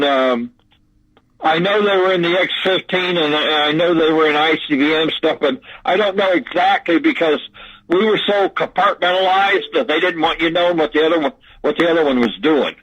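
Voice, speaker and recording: An older man telling his story as an interview guest over the phone, halting and repeating words as he talks. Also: on the high side, a bit bright. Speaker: guest recounting an encounter. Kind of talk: casual storytelling. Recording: muffled phone-line sound.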